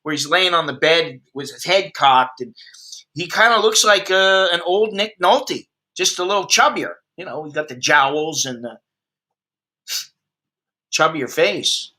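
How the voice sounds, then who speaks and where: Taking his time, this fairly high-voiced man speaks with bright force. He's an American expat livestream host ranting about the news in a blunt, sarcastic, profanity-heavy way.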